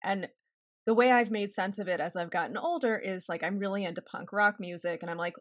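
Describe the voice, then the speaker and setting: A woman's voice: mid-range voice, a little fast, dry recording. Candid woman in her forties, dry sound. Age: 40s. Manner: candid, wry, laughs often. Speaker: therapist, guest author. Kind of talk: casual interview chat.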